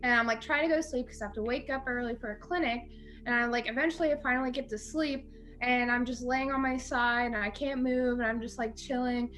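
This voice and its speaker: A young woman co-hosting a podcast, chatty and quick to laugh while telling a story. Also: a little high, fairly even intonation, a bit bright. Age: young adult. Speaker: podcast co-host. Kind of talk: casual storytelling chat.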